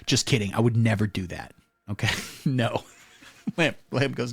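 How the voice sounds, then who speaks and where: A man delivering a satirical comedy monologue in a mock-serious, deadpan way, breaking into loud announcements. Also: mid-range voice, moderate pace, faint music behind. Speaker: comedy streamer.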